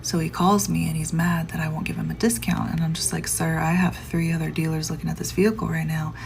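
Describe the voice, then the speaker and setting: Gravelly, flat-voiced woman telling a work story. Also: low voice, quick pace, faint music behind. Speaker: car sales worker. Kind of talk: storytelling, anecdote.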